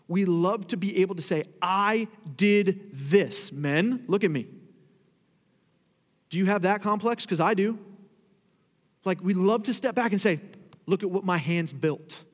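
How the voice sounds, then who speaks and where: Speaking from the front of the church, this pastor mixes conversational preaching with emphatic rises into drawn-out declarations. His voice is a touch high for a man, and the sanctuary gives the recording a long hall reverb.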